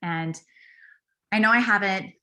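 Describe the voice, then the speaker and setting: A woman's voice: medium pitch, a little slow, bright, forceful tone. A woman hosting an online CPR class, speaking in a heartfelt, conversational way over a video call. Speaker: CPR teacher, class host.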